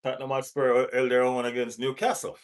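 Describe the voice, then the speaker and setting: A man with a West Indian accent hosting a live football watch-along, giving shout-outs to viewers in the chat, laughing and teasing rival fans. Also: medium pitch, completely flat delivery, brisk, clear, resonant tone. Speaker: football channel host.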